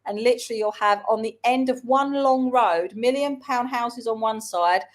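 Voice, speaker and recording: London woman yakking away on a chat show, higher voice, full of stories. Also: normal speed. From South London, England. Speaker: co-host. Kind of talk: casual chat.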